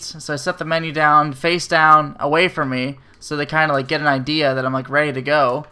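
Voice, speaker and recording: A man's voice: fairly high pitch, fairly even intonation, fairly quick, few pauses, sharp tone, clear, resonant tone. A man telling a profane, sarcastic rant about bad service in a casual way. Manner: profane, sarcastic, filler-heavy. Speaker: restaurant server telling a story.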